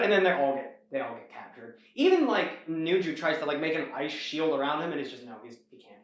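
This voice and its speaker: A male host with a fairly high voice rattles through a casual plot recap, brisk and with hardly any pauses. He rambles and acts out the characters' lines animatedly, recorded far from the mic in an echoey room.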